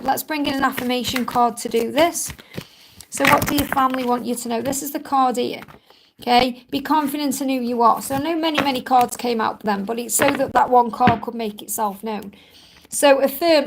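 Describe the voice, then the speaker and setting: Casting: high-pitched woman with a gravelly edge, chatty live-stream reader, reassuring and rambling. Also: fairly bright tone, low-quality recording. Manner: chatty, reassuring, rambling with many "you know"s. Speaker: psychic reader hosting live Q&A. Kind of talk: live-stream card reading.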